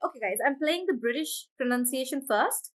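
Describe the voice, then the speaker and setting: A woman teaching English pronunciation in a live online class, slowing down and stretching words to show where the stress falls, and calling her students by name as she answers them. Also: sits high, animated.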